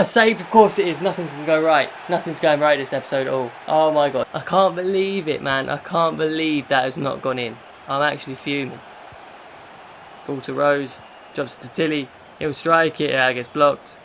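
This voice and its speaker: A young man commentating live over his football video game, frustrated and exasperated, with sudden loud outbursts. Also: a little high, a little hiss or hum. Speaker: gaming YouTuber.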